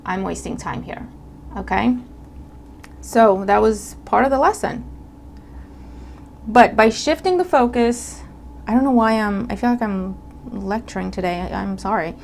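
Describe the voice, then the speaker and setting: A woman's voice: medium pitch, lively intonation, measured pace, vocal fry, pauses often, a little hiss or hum. A woman giving a casual tarot reading, talking conversationally and checking in with her listeners often. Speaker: tarot reader.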